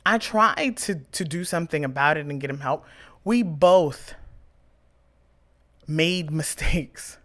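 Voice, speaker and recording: A woman in her thirties, a podcast host, telling a personal story with emotion and animated quoted dialogue. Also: sits low, slow pace, long pauses.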